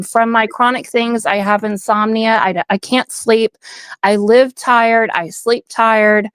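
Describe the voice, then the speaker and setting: A woman's voice: medium pitch, no echo, rough recording. A congested woman from Houston with a Texan accent, calling in to a live show and chatting earnestly. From Houston, Texas. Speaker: caller. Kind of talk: casual call-in chat.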